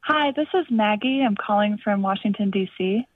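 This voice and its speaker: A woman's voice: mid-range voice, moderate pace, no echo. A woman calling into a radio show, telling a story in a chatty way full of fillers. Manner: chatty, lots of likes and fillers. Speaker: caller. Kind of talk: phone-in chat. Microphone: telephone. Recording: tinny distant phone line.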